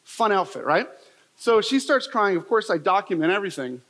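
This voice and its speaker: A man's voice: high-pitched, big pitch swings, moderate pace, a bit bright. A man giving a motivational keynote talk, telling personal stories with emphatic, repetitive phrasing. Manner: emphatic, repetitive, storytelling delivery. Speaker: motivational speaker. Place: large event hall. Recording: long reverb of a large hall.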